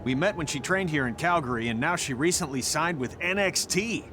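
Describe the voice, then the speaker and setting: A man's voice: fairly high pitch, animated, a little fast, noisy background, close to an everyday voice. An actor voicing a sardonic veteran male wrestling trainer who teases his students. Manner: sarcastic, teasing. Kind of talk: video game cutscene acting.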